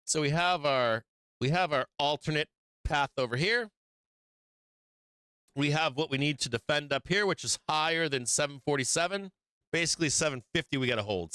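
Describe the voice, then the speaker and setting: A man hosts a live market stream and walks viewers through his charts, brash and profane and full of hype. His voice is bright and forceful, smooth and clear, and it sits a little high. The close mic keeps the sound dry. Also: no room sound. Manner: brash, profane, hyped-up, addresses viewers directly. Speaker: stock market stream host. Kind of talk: casual live chart commentary.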